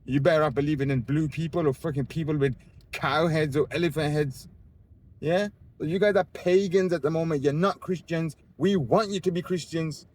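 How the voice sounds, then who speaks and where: A man's voice: on the high side, moderate pace, darkish tone. A young man ranting on a city street outdoors, combative and swearing, firing off rhetorical questions and sarcastic asides. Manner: sarcastic asides and voiced mockery. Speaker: street interviewee. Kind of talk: ranting monologue on camera.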